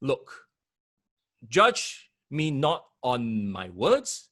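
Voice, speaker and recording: A man's voice: medium pitch, wildly swooping pitch, extremely slow, fairly bright tone. A man co-hosting a podcast, emphatic and preachy in casual discussion. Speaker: podcast co-host and radio broadcaster.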